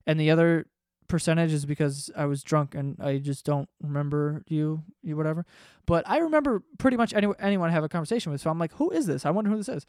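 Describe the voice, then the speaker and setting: Man host, rambling profane storyteller, slightly high voice, dry close sound. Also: fast, darkish tone, clear, resonant tone, no echo. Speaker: podcast host. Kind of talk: casual storytelling.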